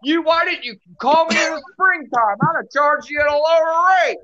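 A man's voice: very high voice, fairly quick, pushed and bright, lo-fi sound, slight background noise, pitched above the performer's own voice. A man voicing a middle-aged male furnace repairman who lectures a customer in a raised, pushy voice. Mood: scolding.

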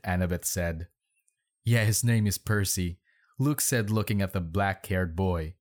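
A man's voice: on the low side, lively intonation, measured pace. A man hosting a podcast, reading bad fan fiction aloud in his bedroom with sarcastic, mocking asides. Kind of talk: comedic dramatic reading with commentary.

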